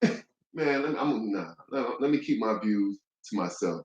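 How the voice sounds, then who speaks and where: A man's voice: lowish voice, lively intonation, unhurried, echoey room, muffled recording. A young man delivering a blunt, profane, heated monologue to camera, with frequent restarts. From United States. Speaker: vlogger.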